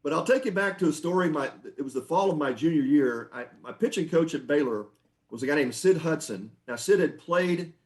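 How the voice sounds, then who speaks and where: Relaxed middle-aged man telling stories. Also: on the high side, fairly quick. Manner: relaxed, anecdotal, frequent restarts and laughs. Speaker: podcast guest, former pitcher. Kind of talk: conversational storytelling.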